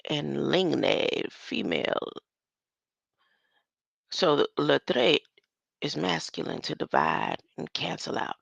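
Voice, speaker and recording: A woman's voice: deep voice, very animated, slow, vocal fry, long pauses, husky, dry recording, muffled recording. An older woman musing aloud in a casual solo stream about word meanings, rambling and laughing often. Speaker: online streamer.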